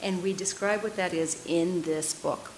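A woman leading a mindfulness workshop, polling the audience with quick, upbeat questions and then reading a picture book aloud. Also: on the low side, fairly even intonation, a little hiss or hum, rough recording. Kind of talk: workshop teaching and story reading. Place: meditation center workshop room.

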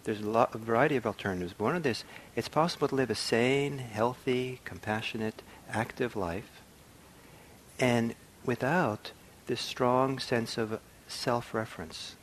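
A middle-aged man giving a meditation talk, reflective and soft-spoken, pausing often with ums and restarts. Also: mid-range voice, slight background noise. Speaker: meditation teacher. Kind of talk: dharma talk. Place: meditation hall.

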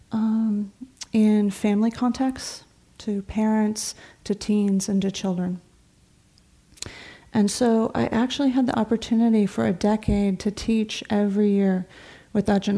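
A middle-aged woman, a meditation teacher, giving a dharma talk in a meditation hall, telling stories conversationally and sometimes dropping to a soft whisper. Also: mid-range voice. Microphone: talk recording before a seated audience.

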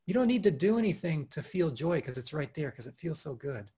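Husky-voiced man giving an earnest dharma talk. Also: a little high, a little fast. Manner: earnest and animated, with frequent restarts and soft laughs. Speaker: meditation teacher. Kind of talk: dharma talk at an online retreat. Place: home, over a video call.

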